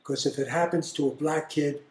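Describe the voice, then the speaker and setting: An older man being interviewed, telling family stories in a blunt, animated way. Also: on the high side, moderate pace. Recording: roomy echo.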